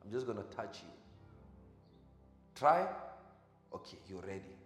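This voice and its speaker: A man preaching as a pastor. He quizzes the congregation with short questions, then gives quiet instructions during a live demonstration. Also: lowish voice, big pitch swings, measured pace. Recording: echoey hall with music behind.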